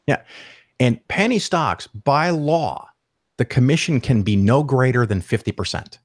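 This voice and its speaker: Brief: man, podcast guest, lively profane storyteller, dry close sound. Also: mid-range voice, unhurried, dry recording. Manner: animated, profane, acts out quoted voices. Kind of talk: casual storytelling interview.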